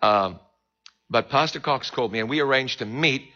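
A man with a New Zealand accent, a preacher telling his conversion story in an animated storytelling manner. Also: mid-range voice, moderate pace. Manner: animated, swings between hushed and loud. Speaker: preacher giving his testimony. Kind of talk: sermon storytelling. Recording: dull lo-fi recording.

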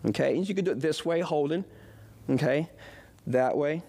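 Upbeat, fairly high-voiced male stretching coach. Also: normal speed, vocal fry, warm tone. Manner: upbeat, coaching, repeats cues. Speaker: fitness instructor. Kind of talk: live stretching demonstration.

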